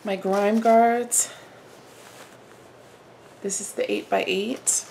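A woman hosting a casual craft haul vlog, talking excitedly and gushing, sometimes dropping to a soft whisper. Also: medium pitch, drawn-out words, gravelly, slight background noise. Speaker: flosstube host.

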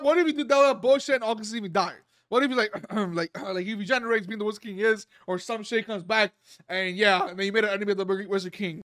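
A man reacting live to an anime episode, excitable and cursing, yelling at the screen and laughing often. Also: sits high, fast.

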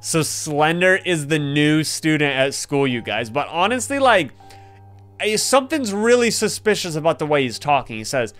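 Excitable young man gaming on video. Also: fairly high pitch, normal speed, soft background music. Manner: excitable, gasping, laughing, addresses viewers as you guys. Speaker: gaming YouTuber. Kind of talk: reading game dialogue with excited commentary.

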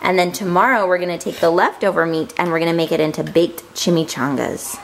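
A woman's voice: lowish voice, a little fast, creaky, slight background noise, low-quality recording. A woman in her thirties, a mother hosting a casual family vlog, chatty and laughing often.

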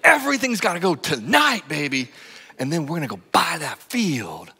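A man acting out an excited farmer who found treasure, yelling to his wife and then dropping to a hush. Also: mid-range voice, moderate pace, vocal fry, breathy edge, heavily acted. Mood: giddy. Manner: shouting bursts then hushed whispers. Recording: long reverb of a church hall.

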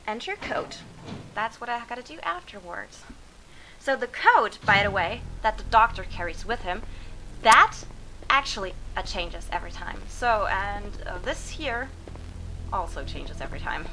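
A woman giving casual let's play commentary, chatty and narrating her own moves, with quick frustrated exclamations. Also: mid-range voice, lively intonation, music in the background, low-quality recording.

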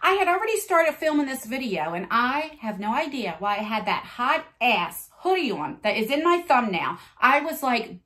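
Lively high-voiced woman chatting through an unboxing. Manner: chatty, laughs easily, frequent fillers. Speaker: beauty subscription box reviewer. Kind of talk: casual unboxing vlog.

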